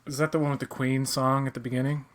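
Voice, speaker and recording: A man's voice: mid-range voice, level tone, fast talker. Guy hosting a fan podcast, teasing his guest, jokey. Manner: teasing, joking. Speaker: podcast host. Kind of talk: casual fan commentary chat.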